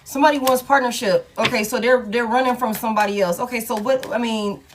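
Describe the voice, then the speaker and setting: A woman's voice: on the high side, steady tone, fast, slight background noise. A woman doing a casual tarot reading. She talks bluntly, swears freely and repeats her lines. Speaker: tarot reader.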